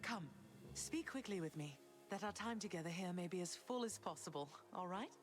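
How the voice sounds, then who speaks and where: A woman voicing a gentle, sorrowful goddess mother in a video game, speaking tenderly to her son. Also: lowish voice, animated, normal speed, faint music behind, close to an everyday voice. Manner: tender, wistful.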